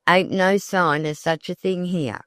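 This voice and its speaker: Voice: medium pitch, steady tone, unhurried, fairly bright tone, clean tone, dry recording, clean studio sound, lightly acted. A narrator voicing a sly folksy old countrywoman. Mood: coaxing. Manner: folksy rural speech.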